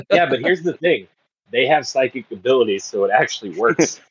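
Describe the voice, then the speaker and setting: Husky man wisecracking at a game table. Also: mid-range voice, animated, normal speed, no echo, muffled recording. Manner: wisecracking, laughing often. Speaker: player. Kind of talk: casual chat.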